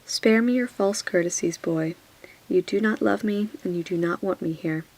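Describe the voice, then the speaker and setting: A woman voicing a sardonic, witty dwarf nobleman in a soft whispered role-play, dry and mocking. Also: on the low side, moderate pace, poor audio.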